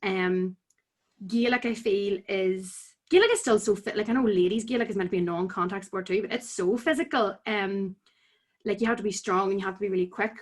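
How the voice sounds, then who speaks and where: A young amateur boxer from Tyrone, Northern Ireland, chats casually as a podcast guest in a Northern Irish accent, peppering her speech with "like." Her voice is mid-range and fairly quick.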